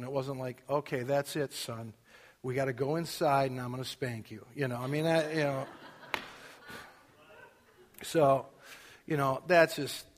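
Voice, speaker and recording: Middle-aged man, slightly high voice, preaching with lively storytelling and loud acted quotes, long hall reverb. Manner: animated, acts out quotes loudly, self-mocking humor. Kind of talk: storytelling sermon.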